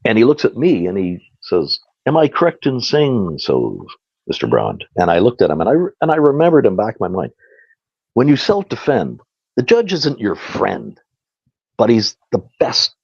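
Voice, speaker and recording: Animated chatty man, dull dry sound. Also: on the low side, gravelly, husky, dry recording. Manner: animated, chatty, laughs often. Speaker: guest. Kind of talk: casual storytelling.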